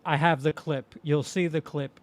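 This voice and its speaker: Male co-host, slightly high voice, rambling with restarts, casual and profane. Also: fairly even intonation, crowd noise. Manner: rambling, halting restarts, swearing. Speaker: podcast co-host. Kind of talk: casual chat.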